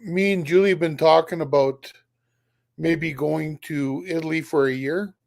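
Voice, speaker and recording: Blunt gravelly man swearing casually. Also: a little high, a little slow, a little mellow, no echo. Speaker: guest YouTuber. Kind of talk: casual chat. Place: at home.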